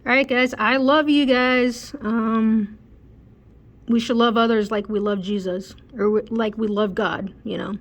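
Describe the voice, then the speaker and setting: Earnest woman with a higher voice. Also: fairly even intonation, measured pace. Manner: earnest, repeats phrases, frequent fillers like um and you know; mimics preachers in a raised, heated voice. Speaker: spiritual vlogger. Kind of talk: casual spoken reflection to camera.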